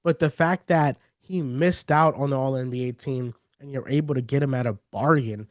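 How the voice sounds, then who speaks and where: Male co-host, mid-pitched, dry close mic, measured and explanatory sports chat. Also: no echo. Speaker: podcast co-host. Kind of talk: casual sports podcast chat.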